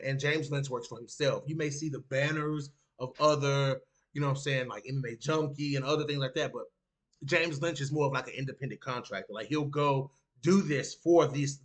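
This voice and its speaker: A man talking casually on a live stream and reading chat aloud, animated, jumping from low asides to loud outbursts, often saying "you know what I'm saying". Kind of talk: casual talk on a live stream about mixed martial arts.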